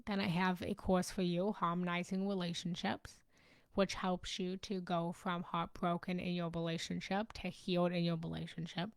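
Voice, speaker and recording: Live-streaming to her followers, a young relationship and self-love coach talks passionately and emotionally, swearing freely and sometimes dropping to a whisper for emphasis. Her voice is on the low side, clear and resonant, with no room sound.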